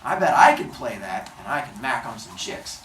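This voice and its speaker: A woman's voice: very deep voice, sing-song, normal speed, fairly bright tone, voice pushed down, heavily acted. A woman voicing a vain young sun god, whiny, indignant and demanding. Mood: pushy. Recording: roomy, distant mic, faint noise.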